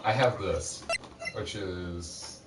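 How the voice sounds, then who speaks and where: A man's voice: deep voice, extremely slow, background noise. A man hosting a gaming video, talking through the game casually and hesitantly, with many fillers. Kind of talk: casual gameplay commentary. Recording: roomy, distant mic, loud music behind.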